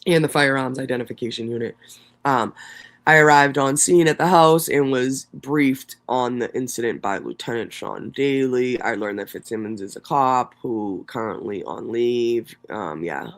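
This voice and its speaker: A man's voice: medium pitch, moderate pace, a bit bright. A man hosting a livestream, reading court documents aloud and breaking off into blunt, profane commentary. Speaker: livestream host. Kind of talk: casual live commentary.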